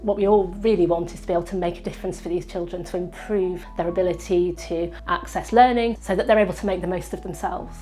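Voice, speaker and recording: A woman researcher explaining her language study in a clear, explanatory documentary interview. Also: lowish voice, fairly even intonation, quick pace, few pauses, dark tone, faint music behind.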